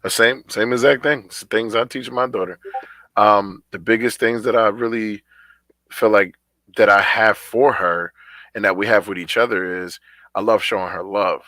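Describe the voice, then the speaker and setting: A man's voice: fairly low pitch, fairly even intonation, moderate pace, bright, forceful tone, no room sound. A man co-hosting a podcast, talking in a laid-back, slangy, conversational way. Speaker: podcast co-host.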